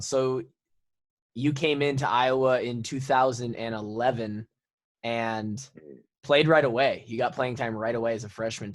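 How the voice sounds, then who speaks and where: A man's voice: medium pitch, no room sound. A man hosting a podcast, reacting with exclamations and asking casual questions. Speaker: podcast host. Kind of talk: casual interview chat.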